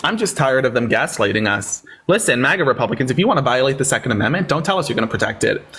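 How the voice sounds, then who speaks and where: A man's voice: medium pitch, sing-song, fast talker, a bit bright, husky. A man hosting a live-stream debate, sarcastic and taunting with callers, thanking viewers in casual chat. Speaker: livestream debate host.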